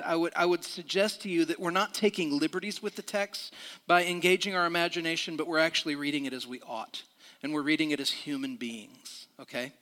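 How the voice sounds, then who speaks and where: A man's voice: a little high, sharp tone, big-room sound. A middle-aged man preaching a sermon in a church, talking conversationally with restarts and questions to the room. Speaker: pastor. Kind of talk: sermon with a personal story.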